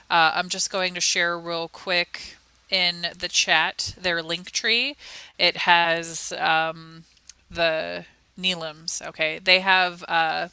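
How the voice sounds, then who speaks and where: Woman cohosting a livestream, super bright clear voice, earnest and emotional, lots of ums. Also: fairly low pitch, no echo. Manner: earnest, emotional, many fillers and restarts. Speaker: co-host of an advocacy livestream. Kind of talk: casual livestream chat.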